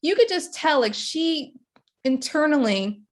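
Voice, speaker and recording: Woman, high voice, casual recap co-host, animated, acts out quotes. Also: measured pace. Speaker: podcast co-host.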